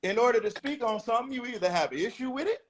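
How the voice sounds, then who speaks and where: Blunt, emphatic man with a high voice. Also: expressive, rapid-fire. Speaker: rapper guest. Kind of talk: casual interview.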